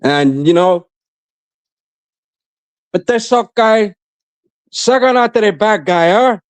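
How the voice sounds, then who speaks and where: A man with a high voice mocks and boasts, repeating his taunts over and over. The sound is dry and close, with no room echo. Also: lively intonation, slow pace. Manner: taunting, trash-talking, boastful; repeats himself, mocking. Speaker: live stream guest. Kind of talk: casual stream chat.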